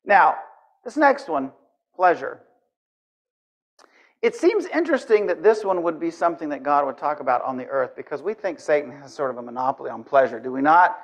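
A man preaching a sermon in a church, animated and conversational, acting out scenes as he goes. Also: fairly high pitch, fairly quick, low-quality recording.

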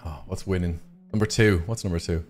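A man's voice: low-pitched, fairly even intonation, brisk, darkish tone, faint music behind. A man streaming a game, bantering and swearing in casual chat with a friend.

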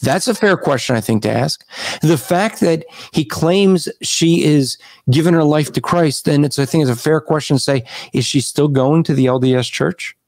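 A man hosting a casual online discussion over a video call, talking at length, restarting sentences and clearing his throat. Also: a little high, normal speed, a little mellow, no echo. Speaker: podcast host.

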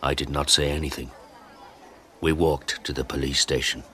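A man narrating a first-person story in a slow, plain reading style for English learners. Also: extremely low pitch, flat delivery, pushed and bright, a little hiss or hum.

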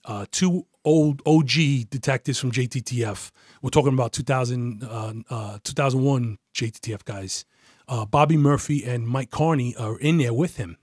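A man's voice: medium pitch, a little mellow, slightly rough, no echo, studio quality. A middle-aged man, a former detective telling a story bluntly, swearing often and acting out the voices of people in it. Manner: blunt, profane, acts out voices in his stories. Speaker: retired police detective. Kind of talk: casual storytelling interview.

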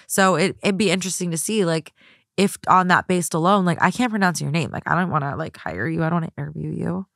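A woman's voice: on the low side, quick pace, vocal fry, fairly bright tone, no echo, studio quality. A woman guest co-hosting a podcast in casual chat, rambling with lots of fillers. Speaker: guest co-host.

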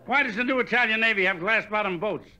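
An older man doing stand-up comedy on a hotel stage, firing off quick deadpan one-liners into a stage microphone. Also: high-pitched, a faint crowd. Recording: dull live recording, faint room ambience.

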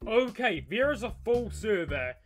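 A young man giving excitable gameplay commentary, breaking into loud yells and squealing laughter. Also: high-pitched, a little slow, soft background music. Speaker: gaming YouTuber.

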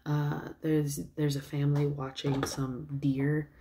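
Low, mellow woman rambling casually. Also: little pitch movement, slow pace, slight background noise. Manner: rambling recap full of fillers and likes. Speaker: vlogger. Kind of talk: casual chat.

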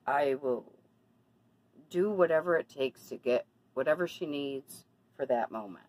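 Speaking at a measured pace in an extremely low, somewhat mellow voice, a woman vlogs casually to her camera. She moves from confiding to indignation about bad deals, all captured in low-quality audio.

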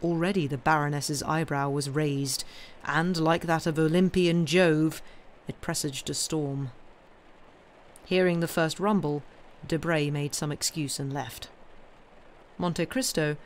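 A woman reading a classic novel aloud on a livestream in clear, measured narration. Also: sits low, slight background noise. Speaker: reader.

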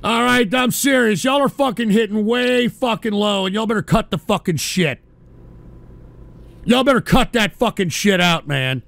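Gravelly high-voiced man ranting on air. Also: normal speed. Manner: exasperated, swearing, swings between shouting and weary mumbling. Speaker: radio show host. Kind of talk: profane on-air rant.

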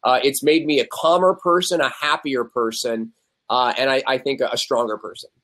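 A man's voice: mid-range voice, steady tone, moderate pace, fairly bright tone. A young adult man, a podcast guest, talking candidly and animatedly in casual conversation and acting out the voices he quotes.

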